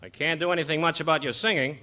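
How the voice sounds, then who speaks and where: A man's voice: on the high side, steady tone, quick pace, sharp tone. A man playing a sardonic pianist on a 1940s radio comedy show, delivering dry scripted lines. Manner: dry, sardonic, laughs at his own lines. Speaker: pianist and comic guest. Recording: old radio broadcast with noise.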